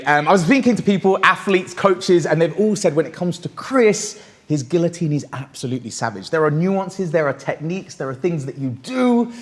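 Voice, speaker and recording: A British man hosting a casual vlog in a gym, excitable and quick to laugh. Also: fairly high pitch, faint music behind. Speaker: host, swimmer trying martial arts.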